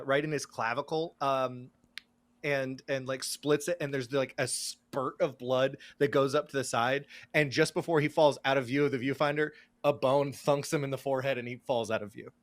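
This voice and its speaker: A man's voice: mid-range voice, fairly even intonation, moderate pace, dry recording. A man playing in a tabletop game, describing his character's actions in first person with lots of fillers. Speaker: player.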